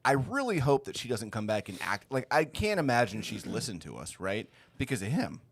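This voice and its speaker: A man in his thirties co-hosting a podcast, chatty and quick to laugh. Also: mid-range voice. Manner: laughs a lot, chatty, animated. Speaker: podcast co-host. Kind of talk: casual podcast banter.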